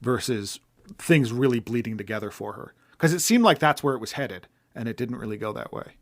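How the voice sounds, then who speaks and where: A man's voice: medium pitch, expressive, brisk. Meandering male podcast co-host. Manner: meandering, thinks aloud while critiquing. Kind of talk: casual film-review chat.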